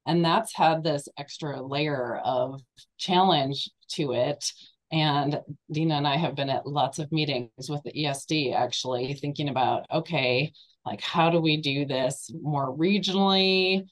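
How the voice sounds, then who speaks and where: Hoarse, low-voiced woman with a cold. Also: a little slow. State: hoarse from a cold, losing her voice. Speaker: webinar panelist, residency program leader. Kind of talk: conversational panel remarks.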